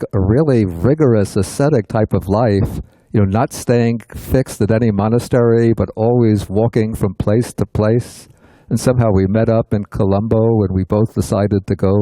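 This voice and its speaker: An older man gives a relaxed teaching talk, telling stories and laughing often. His voice sits low and sounds very mellow and warm. The recording is close and dry. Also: no echo, poor audio. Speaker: teacher leading a sutta study class.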